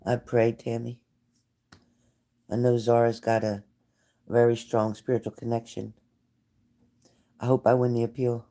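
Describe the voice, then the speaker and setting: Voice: mid-range voice, flat delivery, unhurried, long pauses, warm tone. A psychic reader hosting a casual live stream who talks straight to viewers by name, repeats phrases and gets emotional and fervent.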